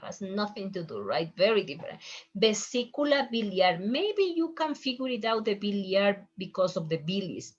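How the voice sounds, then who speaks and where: A woman's voice: mid-range voice, lo-fi sound. A woman whose first language is Spanish, teaching a medical Spanish lesson and repeating each term patiently. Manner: slow, patient, repeats terms for pronunciation.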